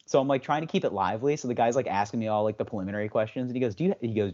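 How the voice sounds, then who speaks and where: A young adult man co-hosting a podcast, telling a story in casual chat and jumping into high voices for the people he quotes. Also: rapid-fire, few pauses, a little mellow. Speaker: podcast co-host. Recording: slightly dull, lo-fi sound.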